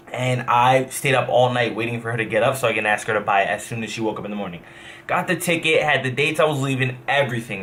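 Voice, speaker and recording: A man's voice: mid-range voice, fairly bright tone, a little hiss or hum. A young man from New Jersey telling a story in a casual vlog, rambling, profane and full of restarts. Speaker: gamer vlogger.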